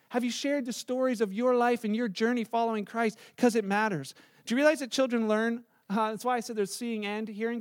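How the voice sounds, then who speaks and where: Pastor, middle-aged man, high voice, dry close sound, relaxed storytelling sermon. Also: no echo. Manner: conversational, storytelling with asides and restarts.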